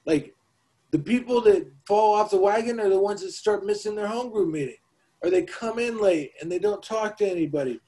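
Man, high voice, casual emphatic podcast co-host, swears freely. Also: lively intonation, a little fast, warm tone, poor audio. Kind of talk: casual recovery talk.

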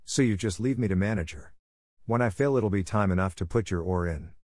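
A man's voice: on the low side, brisk, darkish tone, no room sound, studio quality, lightly acted. A man reading a storybook aloud, voicing a stern, strict older spinster with a stiff, scolding manner.

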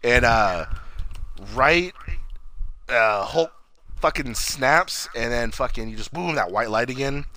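A man's voice: medium pitch, expressive, takes it slowly, long pauses, sharp tone, slight background noise. A man chatting casually about a movie, crude and profane, acting out lines from scenes. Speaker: podcast co-host. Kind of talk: casual movie review chat.

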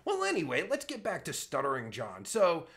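A crude, exasperated man rants live into his phone, his pitch jumping wildly from low grumbles to high squeals. He sounds worked up, swears constantly, and breaks off mid-sentence. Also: wildly swooping pitch, normal speed, fairly bright tone. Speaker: live streamer. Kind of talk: profane comedic rant. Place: at home, streaming live.

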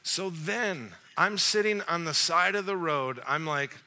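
A man in his forties giving a sermon as a lively storyteller, cracking jokes and acting out both sides of the conversation. His voice is strikingly bright and forward, and it jumps around a lot in pitch. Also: unhurried. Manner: animated, jokey storyteller, acts out dialogue. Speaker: young adult pastor.

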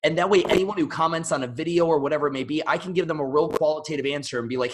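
A man's voice: on the high side, very fast, hardly any pauses, slight background noise, low-quality recording. A man hosting a casual podcast chat, talking bluntly and opinionated with frequent swearing.

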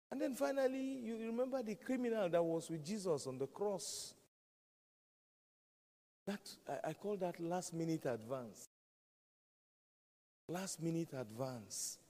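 Preacher man, dark voice, echoing hall. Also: medium pitch, lively intonation, measured pace, pauses often. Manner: emphatic, repeats key phrases. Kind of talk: sermon. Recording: long reverb of a large hall.

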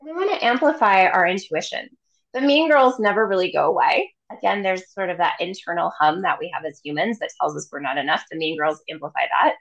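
A woman's voice: mid-range voice, lo-fi sound. Chatty woman acting out quotes. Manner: animated, quotes imagined voices, laughs often. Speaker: podcast guest, chakra teacher. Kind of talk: casual chat.

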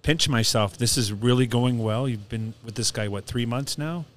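A man's voice: medium pitch, normal speed, a little hiss or hum. A man hosting a casual chat, curious and asking questions. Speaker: host.

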